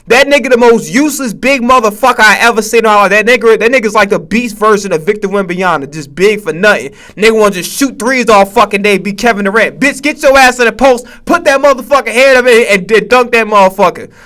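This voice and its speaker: High, bright-voiced male streamer ranting. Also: quick pace, few pauses. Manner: profane, stammering, rant-like trash talk. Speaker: Twitch streamer. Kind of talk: live stream reaction commentary.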